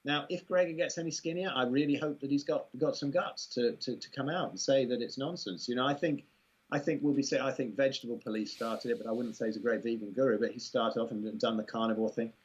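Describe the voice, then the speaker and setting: Husky-voiced rambling Englishman. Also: medium pitch, fast. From England. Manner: rambling, amused, full of "you know" asides. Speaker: guest. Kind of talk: casual conversational interview. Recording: muffled lo-fi recording.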